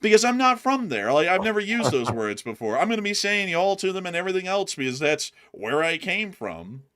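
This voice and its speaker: Animated young man talking politics. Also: high voice, fairly quick. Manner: animated, talks straight to viewers as "folks". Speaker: co-host of a political live stream. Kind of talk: casual political commentary on a live stream.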